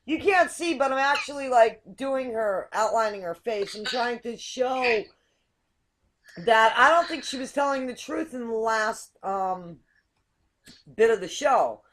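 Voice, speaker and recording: A woman's voice: fairly high pitch, measured pace, fairly bright tone. A woman hosting a casual game-show chat over a video call, playful and teasing. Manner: playful, teasing, laughing often. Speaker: talk show host.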